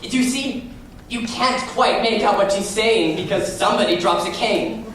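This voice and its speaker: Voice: medium pitch, moderate pace, a bit bright, a little hiss or hum, natural voice. An actor in a stage musical playing a lonely, fussy man who talks confidingly to the audience about an old cast record. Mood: chatty. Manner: chatty, confiding asides to the audience. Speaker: stage narrator. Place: large theatre stage. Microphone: far room mic. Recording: distant, echoey theatre stage recording.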